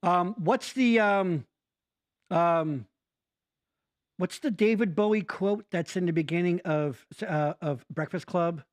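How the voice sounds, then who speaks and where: A man's voice: sits high, slow. A man hosting a casual podcast chat, rambling and swearing freely as he jumps from thought to thought. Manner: animated, profane, rambling. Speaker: podcast host.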